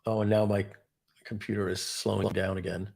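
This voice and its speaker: A man with a New York accent hosting a live online session, chatting as he demos software and growing excited about the tools. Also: on the low side, a little fast, creaky, husky. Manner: chatty, thinks aloud, grows excited over tools. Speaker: webinar host.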